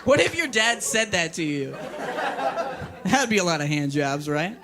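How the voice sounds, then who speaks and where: A young man performing a stand-up comedy set at a party, animated and acting out scenes in a raised, scolding voice. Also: high voice, moderate pace, a crowd in the background, noisy background. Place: party venue with live audience.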